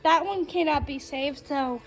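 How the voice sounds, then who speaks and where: A woman's voice: sits high, unhurried, gravelly, faint music behind, rough recording. A woman chatting casually to her viewers while walking around a backyard outdoors, filming herself on a phone. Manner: chatty, talks to viewers as guys. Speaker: vlogger. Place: outdoors in a backyard with trees and chickens. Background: faint wind noise.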